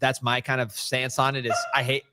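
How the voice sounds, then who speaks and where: A man's voice: medium pitch, level tone, brisk, noisy background. A man co-hosting a sports podcast, reading listener comments with a laid-back tone. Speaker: podcast co-host. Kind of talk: casual sports talk.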